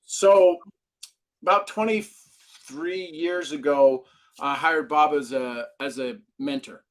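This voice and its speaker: A man as a podcast guest, a brain trainer, explaining ideas and telling stories with lively acted-out quotes. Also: on the high side, takes it slowly. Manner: animated storyteller, acts out quotes. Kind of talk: podcast interview.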